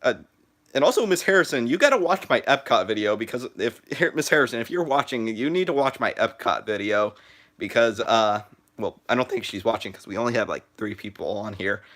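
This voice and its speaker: A teenage boy live streaming from his phone, chatting in a halting way with lots of "uh" and "like" and restarted sentences. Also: medium pitch, lively intonation, a bit bright. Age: teens. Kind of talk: rambling live stream chat.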